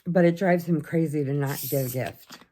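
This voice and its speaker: A woman's voice: deep voice, normal speed, mellow, a little hiss or hum. A middle-aged woman chatting casually in a vlog, telling stories, laughing often and acting out what people said. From United States. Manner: chatty storyteller, laughs often, acts out quotes. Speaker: vlogger. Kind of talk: casual chat.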